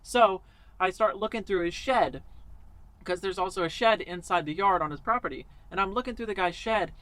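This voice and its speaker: A young man telling a story casually to camera, animated, with lots of fillers and quoted dialogue. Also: high-pitched, moderate pace. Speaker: vlogger.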